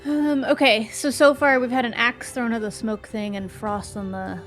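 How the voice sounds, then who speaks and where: A woman's voice: on the high side, fairly even intonation, normal speed, a bit bright, soft background music. Careful woman playing a tabletop game. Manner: careful, checks details before acting. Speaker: player. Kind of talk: casual tabletop play.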